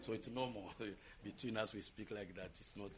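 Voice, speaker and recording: A man from South Africa preaching a sermon, asking the congregation questions and building up to shouts. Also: lowish voice, steady tone, moderate pace.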